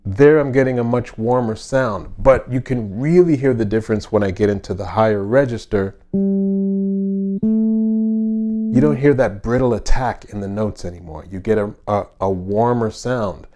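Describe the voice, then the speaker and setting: A man hosting his own channel, giving a casual, friendly bass lesson with fillers and asides from a home studio. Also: normal speed, few pauses, dark tone, soft background music. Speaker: bass teacher and channel host. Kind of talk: casual instructional talk.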